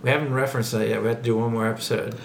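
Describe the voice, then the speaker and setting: A man's voice: medium pitch, level tone, very fast, creaky, a little hiss or hum. Joking man hosting a podcast, roomy sound. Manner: loose, joking, stumbles over words. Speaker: podcast co-host. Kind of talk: casual podcast chat.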